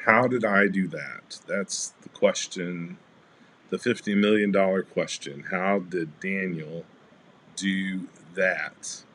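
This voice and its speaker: A man's voice: deep voice, slow. A man hosting a casual crafting livestream, chatting with viewers and greeting them by name as he shows his cards. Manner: relaxed, rambling with fillers.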